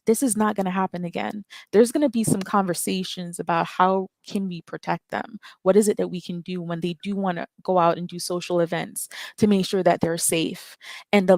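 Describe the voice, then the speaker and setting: A woman's voice: medium pitch, darkish tone, dry recording. A woman calling into a live audio chat, talking earnestly and emotionally and repeating her words when stirred. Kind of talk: impassioned call-in talk.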